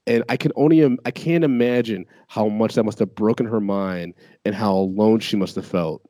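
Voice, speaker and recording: Mellow-voiced man in casual chat. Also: fairly low pitch, moderate pace, no room sound, clean studio sound. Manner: animated, profane storytelling.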